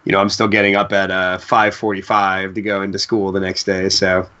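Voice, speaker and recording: A man's voice: sits low, monotone, fairly quick, bright, forceful tone. A man, a teacher and board game designer, chatting casually on a podcast live stream with many fillers. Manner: rambling, frequent fillers. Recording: dull lo-fi stream audio.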